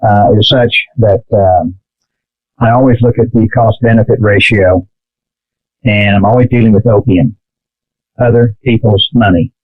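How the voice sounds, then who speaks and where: A man who runs an environmental cleanup business, speaking in a measured way on a podcast and pausing often with "uh". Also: fairly low pitch, fairly even intonation, dry recording. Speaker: environmental remediation business owner. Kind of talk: casual podcast chat. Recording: dry, tinny phone-like line.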